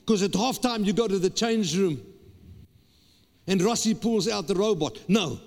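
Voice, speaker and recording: A man's voice: high-pitched, animated, normal speed, vocal fry. A man, a pastor preaching a sermon with emphatic repetition and stammered restarts. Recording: long hall reverb.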